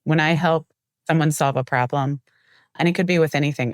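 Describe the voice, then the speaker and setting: A woman with a somewhat low voice chats casually as an interview guest. She tells lively stories and brings the dialogue to life as she quotes it. The sound is dry and close to the mic. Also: a little fast, no room sound. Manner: lively storyteller who acts out quoted dialogue. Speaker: marketing executive, guest.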